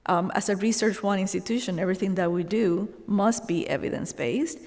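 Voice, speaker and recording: A woman giving a formal presentation to a university board, earnest and halting, with many ums and you knows. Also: medium pitch, darkish tone. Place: meeting room at a board session. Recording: long hall reverb.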